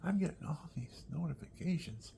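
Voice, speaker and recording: A man telling rambling personal stories at home, often dropping into soft whispered asides. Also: on the high side, animated, normal speed, vocal fry, slight background noise.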